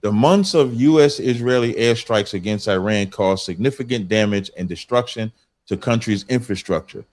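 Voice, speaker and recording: A man's voice: fairly low pitch, moderate pace, darkish tone. A male panelist in a debate, insistently reading news items aloud and repeating a refrain after each point.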